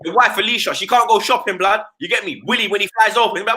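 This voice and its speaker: Pitched high and talking at a quick pace, this man has a sharp tone as he holds forth as a football fan pundit in casual live-stream chat. Heavy slang fills his speech, along with the repeated tags "blood" and "you get me".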